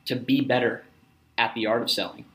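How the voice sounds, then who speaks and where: A man's voice: medium pitch, fairly even intonation, fairly quick. A man who works in sales, talking earnestly in a casual conversation and sometimes acting out phone calls. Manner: earnest, acts out phone lines. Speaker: guest, salesperson.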